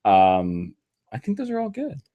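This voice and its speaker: A man hosting a live stream, his pitch swinging up and down freely as he talks. He rambles and hesitates and fills his pauses with ums, in a loose, casual chat. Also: huge pitch swings, narrow, tinny audio.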